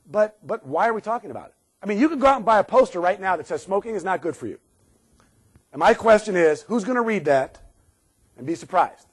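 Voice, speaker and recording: High-voiced sarcastic man giving a talk. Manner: sarcastic, lively, laughs often. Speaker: safety speaker. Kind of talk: live keynote talk.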